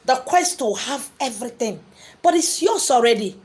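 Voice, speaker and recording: A woman speaks to her online viewers in a voice a little higher than most. She preaches emphatically and answers their questions live. She repeats phrases to drive her points home. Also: animated, normal speed, a little mellow. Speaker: spiritual livestream host. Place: indoors, live streaming.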